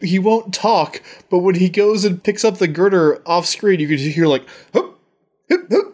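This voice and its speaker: Man, somewhat high pitch, young adult, podcast co-host, excited, quick to laugh. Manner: enthusiastic, laughs often, teasing. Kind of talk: casual recap chat.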